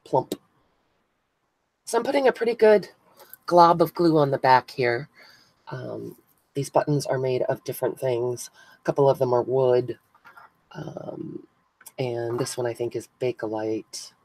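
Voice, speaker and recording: Chatty crafter with a dry close sound. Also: female voice, very deep voice, unhurried, long pauses, darkish tone, no echo, low-quality recording. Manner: chatty, greets viewers by name, thinks aloud while working. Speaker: craft channel host. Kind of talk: casual live-stream chat while crafting. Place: indoors at a crafting table.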